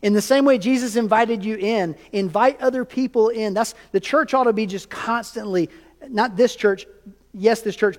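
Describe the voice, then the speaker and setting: A man preaching a sermon as pastor, in an animated, conversational way with quick asides. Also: sits high, big-room sound.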